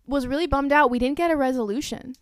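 A young adult woman co-hosts a podcast, casually recapping a movie and acting out the characters' lines. She has a high voice, talks fast, and says "like" a lot, and the recording is dry.

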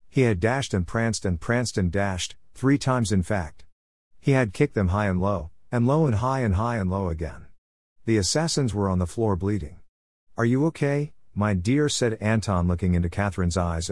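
A man's voice: on the low side, a little mellow, no echo, clean studio sound. A man narrating a story for a podcast with wry, humorous asides.

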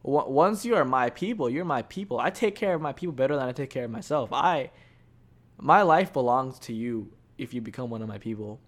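Young guy podcast host, swears a ton, mumbly then loud, average pitch. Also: fairly quick. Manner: profane, animated, swings between quiet and loud. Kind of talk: casual rambling monologue.

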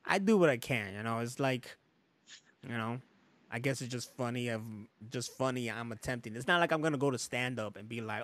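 A man's voice: mid-range voice, a little fast, fairly bright tone. A man hosting a podcast in loose casual chat, rambling, laughing often and swearing freely. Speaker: podcast host.

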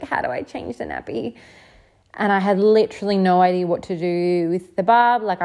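A woman's voice: mid-range voice, warm tone. A young woman vlogger casually telling a personal story, chatty and full of "um" and "like".

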